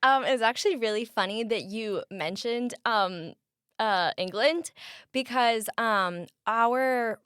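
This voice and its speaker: Podcast guest, young American woman, chatty and upbeat, crisp close sound. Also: on the high side, slow, fairly bright tone, no room sound. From United States. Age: 20s. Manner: bubbly, laughs often, many ums. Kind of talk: casual interview chat.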